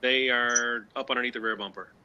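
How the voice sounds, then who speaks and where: A man's voice: mid-range voice, fairly even intonation, a little fast, pushed and bright, smooth, muffled recording. A father and car owner answering questions plainly, with a few hesitations. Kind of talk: casual live show chat.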